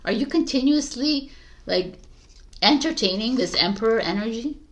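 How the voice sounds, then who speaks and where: A woman's voice: fairly high pitch, animated, normal speed. A woman giving a casual spoken tarot reading, chatty and encouraging, with frequent fillers and restarts. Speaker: tarot reader.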